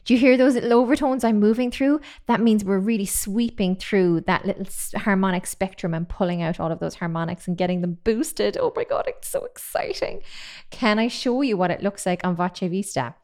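A woman's voice: medium pitch, brisk, hardly any pauses, a little mellow. A woman in her thirties teaching a singing lesson in an enthusiastic, chatty way. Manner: enthusiastic, chatty, demonstrates sounds. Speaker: singing voice coach. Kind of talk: vocal technique lesson.

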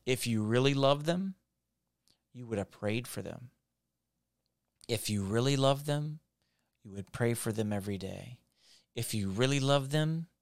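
A man's voice: mid-range voice, vocal fry, no room sound, studio quality. A man hosting a devotional podcast, preaching in repetitive, building exhortations. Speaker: podcast host.

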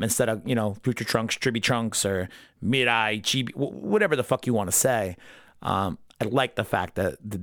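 A man at an ordinary middle pitch talks through an episode in loose, unscripted commentary, swearing often and slipping into brief character impressions. The sound is dry and close, with almost no room around it. He speaks as the host of a casual fan podcast. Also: a bit bright, no echo. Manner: profane, rambling, acts out character lines in quick impressions.

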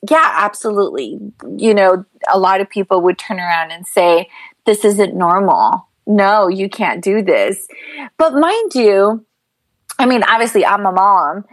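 A woman's voice: mid-range voice, no room sound. A middle-aged woman co-hosting a casual podcast, thoughtful and rambling, with fillers and restarts. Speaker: podcast co-host.

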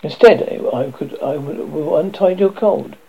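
Man reading fierce little robber girl, blunt, threatening, gravelly, dull lo-fi sound. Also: on the high side, unhurried, heavily acted. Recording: dull lo-fi recording.

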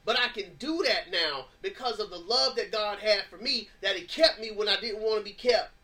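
A man's voice: high voice, moderate pace, sharp tone. A married man, the show's host, giving a fervent, preacherly testimony with rising and falling emphasis. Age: adult, married. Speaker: podcast host.

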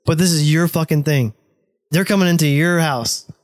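A man's voice: on the high side, normal speed. Blunt, pushy young man, swearing freely. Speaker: podcast guest, host's best friend. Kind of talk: casual chat.

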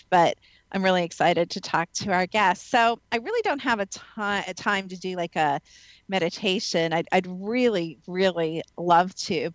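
A woman's voice: mid-range voice, no room sound, low-quality recording. A woman from the Midwest hosting a radio talk show, chatty and laughing often. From American Midwest. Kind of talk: casual radio chat.

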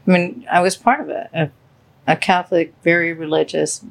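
A woman co-hosting a podcast with her spouse, speaking in a halting, hesitant, emotional way. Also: on the low side, steady tone, creaky. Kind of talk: casual heartfelt podcast chat.

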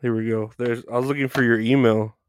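A man's voice: mid-range voice, fairly even intonation, fast, no echo. A man hosting a live stream, greeting viewers by name in loose, profane chat with frequent laughs.

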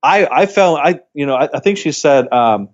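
A man co-hosting a podcast, walking through a dating show episode in a halting, filler-heavy way. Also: a little high, expressive, dull audio. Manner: halting, with many restarts and fillers like "like". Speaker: podcast co-host. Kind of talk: casual chat recapping a TV show.

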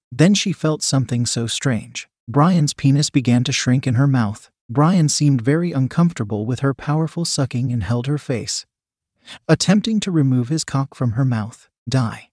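A man narrating adult fiction in an even, matter-of-fact reading. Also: mid-range voice, no echo, studio quality.

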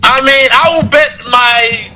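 A man co-hosts a wrestling podcast, launching into sarcastic, profane rants. His voice is unusually high for a man. A steady background noise sits clearly under his voice. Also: slow pace. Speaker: podcast co-host. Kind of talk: casual wrestling podcast chat.

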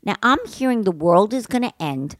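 A middle-aged woman co-hosting a podcast with her daughter, talking bluntly, swearing and rambling excitedly. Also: medium pitch, normal speed, no room sound. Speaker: podcast co-host. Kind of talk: casual chat. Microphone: studio microphone.

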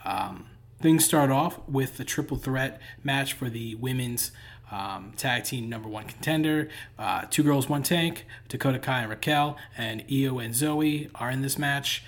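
Guy doing a solo podcast recap, mid pitched voice, dry and sarcastic, lots of uhs and sighs, talks into a podcast mic. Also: unhurried. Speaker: podcast host. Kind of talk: casual solo recap monologue.

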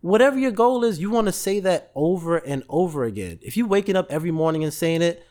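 A man, hosting a casual motivational podcast and telling stories with lively, acted-out voices. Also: high-pitched, fast. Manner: animated storytelling, acts out voices in quotes, laughs often. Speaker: podcast host.

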